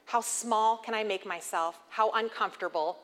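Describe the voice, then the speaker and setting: A woman's voice: mid-range voice, normal speed, a bit bright. A woman in her thirties giving a humorous inspirational talk to an audience, telling candid, self-deprecating stories. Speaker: speaker addressing an audience. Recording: long hall reverb, faint noise.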